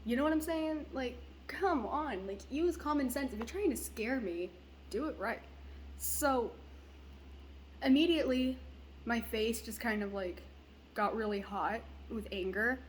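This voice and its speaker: Young woman vlogger, slightly high voice, blunt and profane rant. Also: a little slow, a little hiss or hum. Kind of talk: casual venting vlog.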